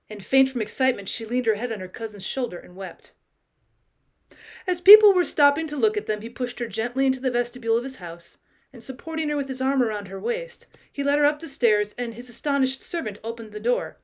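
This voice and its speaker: A woman teacher reading a classic short story aloud in expressive audiobook narration. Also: a little high, a little fast.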